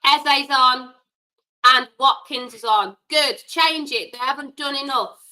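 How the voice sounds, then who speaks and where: A woman hosting a live football watchalong, reacting loudly and getting exasperated with the players. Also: high voice, slow pace, rough recording. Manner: animated, exasperated, shouts at players. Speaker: watchalong host.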